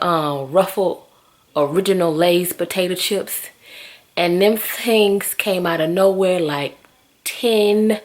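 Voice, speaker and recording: A woman, telling stories to camera in a lively, gossipy way and calling her viewers "girl". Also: on the low side. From Southern US. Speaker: vlogger. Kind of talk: casual chatty storytelling to camera.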